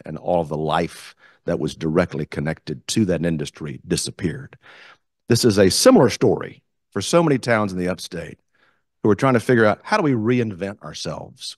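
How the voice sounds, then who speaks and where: A man telling a story as guest speaker at a club meeting, animated, acting out the quotes. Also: deep voice, no room sound, studio quality. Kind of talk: storytelling speech. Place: meeting room.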